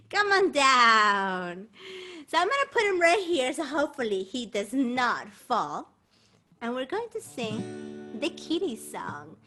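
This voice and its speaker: A woman's voice: high-pitched, takes it slowly, long pauses, soft background music. A woman performer hosting a bilingual children's show, talking playfully to a puppet cat and the young audience. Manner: animated, playful, talks to a puppet. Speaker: children's entertainer.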